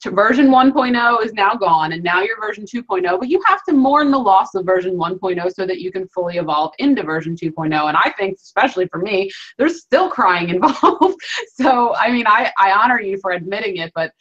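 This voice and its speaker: A woman hosts an interview over a video call, speaking earnestly and looping back to rephrase her points. Her voice sits at a middling pitch. The call audio comes through dull and lo-fi. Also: animated, fairly quick, fairly bright tone. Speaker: host. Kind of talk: reflective interview commentary.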